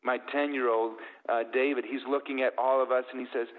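A man's voice: mid-range voice, level tone, a little fast, in a large hall, narrow, tinny audio. A middle-aged man giving an earnest, heartfelt personal testimony as a guest.

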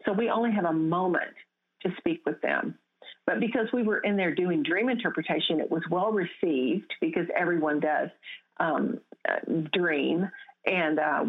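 A woman recounts a personal faith story as an interview guest, her voice sitting a little low. She talks earnestly and often restarts her sentences. The sound is thin and tinny, like a phone line. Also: normal speed. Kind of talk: testimony in an interview.

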